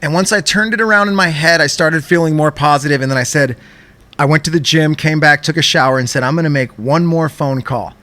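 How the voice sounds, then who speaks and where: A young man co-hosting a podcast, telling an animated story in casual chat and swearing often. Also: on the high side, fast, dry recording. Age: young adult. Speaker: podcast co-host.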